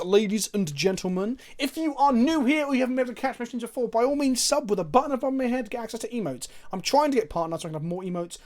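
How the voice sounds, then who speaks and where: An excitable man talks through his card game on a live stream. He thinks out loud and swears freely. He speaks into a desk microphone. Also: high voice. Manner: excitable, profane, thinking aloud.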